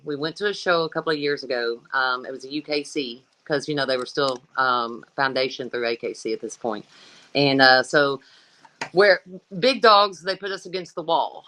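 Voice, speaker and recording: A woman's voice: low voice, sharp tone, low-quality recording. Blunt, folksy woman dog breeder. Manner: folksy, blunt, swears freely. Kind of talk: casual interview talk.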